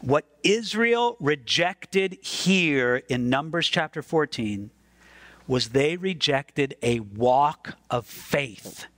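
A man's voice: on the high side, lively intonation, slow, fairly bright tone, dry recording. A man preaching a sermon as pastor, earnest and emphatic, repeating words as he stresses a point.

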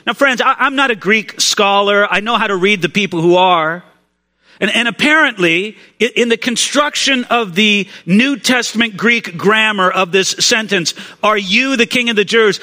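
A man's voice: high voice, normal speed, bright, forceful tone. A man preaching a sermon in a conversational storytelling way, often restarting his sentences. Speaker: pastor. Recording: long reverb of a large hall.

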